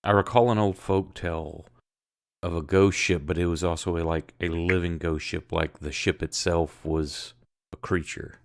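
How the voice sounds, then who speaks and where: A man at a tabletop game muses slowly, recalling an old tale. His voice is extremely deep and nearly monotone, heard dry and close. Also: no room sound. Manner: musing, slow recollection. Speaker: player. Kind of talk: casual tabletop play.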